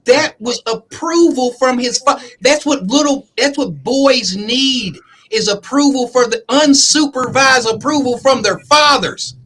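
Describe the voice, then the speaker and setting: High-voiced insistent man. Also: measured pace, hardly any pauses, pushed and bright, low-quality recording. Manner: insistent, repeats himself. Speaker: co-host. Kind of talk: casual debate.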